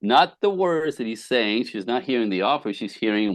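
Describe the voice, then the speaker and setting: A man's voice: medium pitch, animated, normal speed, dry recording. A middle-aged man, a podcast guest, telling relationship stories with emphasis and acting out the dialogue. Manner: emphatic storyteller, acts out dialogue, laughs often. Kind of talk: animated conversational interview.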